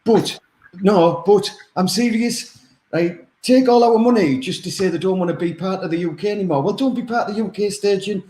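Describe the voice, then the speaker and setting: A man's voice: high voice, moderate pace, dark tone, roomy sound. A man, co-hosting a crude comedy chat show, giggling often. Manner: giggly, laughs a lot, crude. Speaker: co-host.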